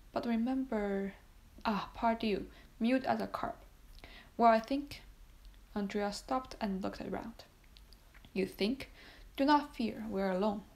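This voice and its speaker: A woman's voice: a little high, darkish tone. A woman reading a classic novel aloud as audiobook narration, voicing the dialogue in much the same voice, with small slips. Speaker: audiobook reader.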